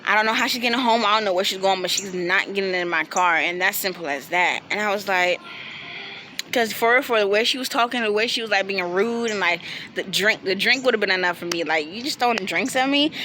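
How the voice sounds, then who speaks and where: A young woman, casually telling a storytime with animated quotes and bursts of laughter. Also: medium pitch, a little hiss or hum. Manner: animated, laughing, quoting friends in quick bursts. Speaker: vlogger.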